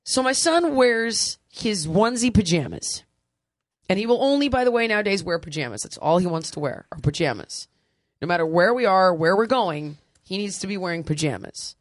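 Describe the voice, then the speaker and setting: A woman's voice: medium pitch, moderate pace, no echo, clean studio sound. A woman in her forties, a podcast host, telling a crude, funny family story in casual chat, laughing often. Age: 40s. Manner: animated, laughing, crude humor.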